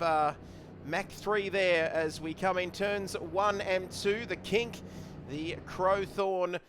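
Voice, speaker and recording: A man's voice: high-pitched, fairly bright tone, a little hiss or hum. A man, commentating a sim race on a headset and chatting with viewers. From Australia. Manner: upbeat, chatty, reads out viewer messages.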